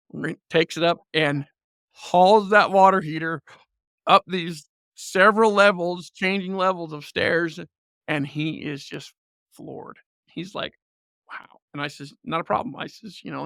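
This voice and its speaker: Gravelly-voiced man telling a story. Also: on the high side, dry recording, studio quality. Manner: animated storyteller, laughs often, acts out quotes. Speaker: podcast guest. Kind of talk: casual storytelling.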